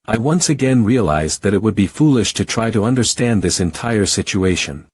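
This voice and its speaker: Low husky man narrating a recap. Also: expressive, normal speed, dry recording. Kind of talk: first-person story recap narration.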